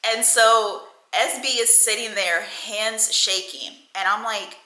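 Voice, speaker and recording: Animated woman telling a story. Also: medium pitch, slow, roomy sound, poor audio. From Houston area. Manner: animated, laughing, acts out quoted people. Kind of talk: casual storytime vlog.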